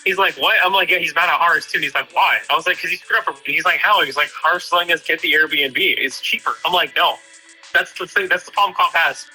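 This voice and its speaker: Guy recapping a convo, ums and likes everywhere, super bright voice. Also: on the high side, fast talker, breathy edge, soft background music, low-quality recording. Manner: hesitant, full of fillers, retelling a conversation. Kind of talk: casual chat.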